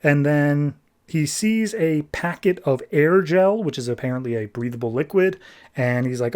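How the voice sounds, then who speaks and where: A man with a fairly high voice for his sex talks through a comic's plot as a podcast host. His delivery is loose and conversational, sprinkled with "like" and quick paraphrased lines from the characters. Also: a little mellow. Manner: loose, chatty retelling with frequent "like" and quick paraphrased quotes. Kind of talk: casual plot recap.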